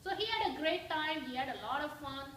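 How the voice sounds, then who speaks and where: A woman's voice: high voice, animated, a little fast, fairly bright tone, a little hiss or hum. A woman giving a devotional talk as a guest speaker in a church, telling a story and asking the audience questions. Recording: echoey church hall from far off.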